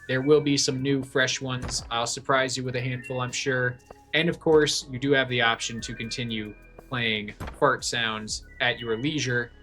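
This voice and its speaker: A man's voice: medium pitch, pushed and bright. Chatty streamer man, game music behind. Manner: chatty, jokey, rambling with fillers and restarts. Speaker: livestreamer. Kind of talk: casual livestream chat.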